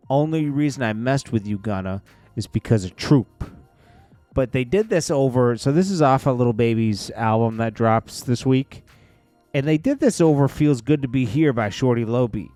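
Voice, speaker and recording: A man's voice: on the low side, a little mellow, dry recording. A man hosting a casual celebrity news commentary, rambling with chuckling asides. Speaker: host.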